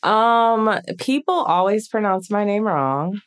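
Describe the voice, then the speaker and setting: A woman, a podcast guest, telling personal stories in a casual, chatty way, often filling pauses with "like.". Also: medium pitch, expressive, clean tone. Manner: chatty, frequent "like" fillers. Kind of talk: casual conversational storytelling.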